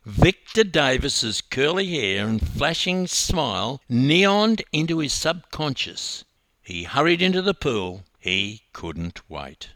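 A man with an Australian accent tells a sports story slowly with animated, dramatic rises and falls. His voice is bright and forceful. The sound is close and dry. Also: mid-range voice, dry recording. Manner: lively, dramatic emphasis. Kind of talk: storytelling narration.

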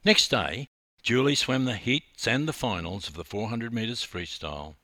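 Man as lively coach, telling a story. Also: mid-range voice, moderate pace, dry recording. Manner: animated, dramatic retelling that rises in intensity. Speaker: swimming coach. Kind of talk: memoir storytelling narration.

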